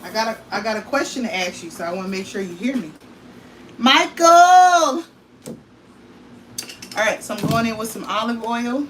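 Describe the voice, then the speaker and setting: An American woman chatting casually while she cooks in her home kitchen, now and then calling out loudly across the house. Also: medium pitch, fast talker, few pauses, slight background noise. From United States. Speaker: cooking vlogger. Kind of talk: casual chat while cooking. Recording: echoey kitchen, mic at a distance. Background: food sizzling in a pan.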